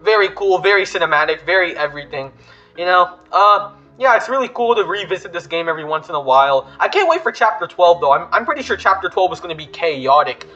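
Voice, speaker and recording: A man hosting a gaming video, commenting excitably and panicking with repeated words. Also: high-pitched, fast, lo-fi sound, soft background music.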